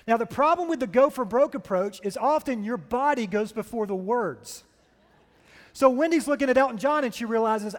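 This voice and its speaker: A pastor preaching a sermon, telling stories with animated energy and checking in with "right?". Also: male voice, very high voice, normal speed, big-room sound. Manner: animated storytelling, keeps asking "right?".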